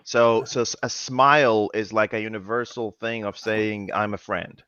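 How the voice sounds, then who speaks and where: A man hosting a casual chat over a video call, lively and laughing often. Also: fairly low pitch, moderate pace, clear, resonant tone, no room sound, dull audio. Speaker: host.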